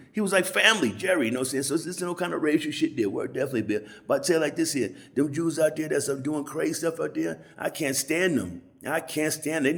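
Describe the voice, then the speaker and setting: A man's voice: mid-range voice, vocal fry. A man talking in a rambling, profane monologue to his channel, often tagging his points with a question to the listener. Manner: rambling, profane, keeps asking "you know what I'm saying". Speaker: channel host. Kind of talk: casual ranting monologue.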